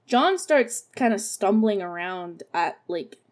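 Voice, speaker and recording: A woman's voice: medium pitch, animated, takes it slowly. A young woman talks through a horror musical she is reviewing for her podcast. Her recap is casual and sarcastic, full of profanity and little laughs at her own jokes. She keeps it loose and unscripted. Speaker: podcast host reviewing a film.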